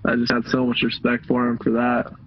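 A man's voice: medium pitch, completely flat delivery, fairly quick, lo-fi sound, slight background noise. Easygoing young-sounding man from Texas. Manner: easygoing, filler-heavy, short replies. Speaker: guest. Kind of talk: casual chat.

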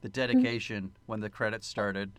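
A man's voice: on the low side, fairly even intonation, normal speed, clean tone, dry recording. A man co-hosting a film podcast in casual chat, sarcastic and profane, with mock-indignant asides. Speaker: podcast co-host.

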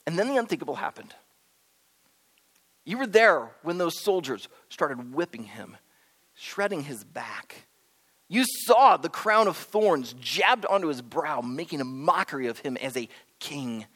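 A man preaching with a high, very lively voice that rises and falls a great deal as he tells a story dramatically. He speaks straight to the listeners as if they were there and sinks to a near hush at the solemn turns. His voice rings out with the long reverb of a large hall. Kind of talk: sermon retelling a story in the second person.

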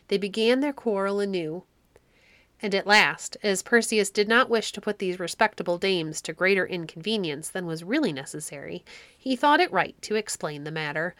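A woman reading a children's classic story aloud, with expressive narration. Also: mid-range voice, no room sound.

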